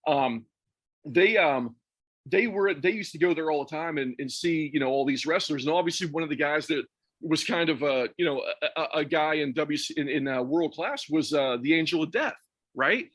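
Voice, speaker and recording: A man's voice: fairly high pitch, moderate pace, dry recording, studio quality. A man telling a rambling, profane story in casual podcast chat, laughing as he goes. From Texas. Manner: animated, profane, laughs through his own story. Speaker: podcast co-host or guest.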